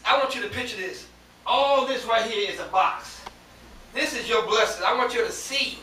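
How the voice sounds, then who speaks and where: A man preaching a sermon to a congregation that answers him, rising at times to shouts. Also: very high-pitched, moderate pace. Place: church. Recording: echoey church, distant mic, faint hiss.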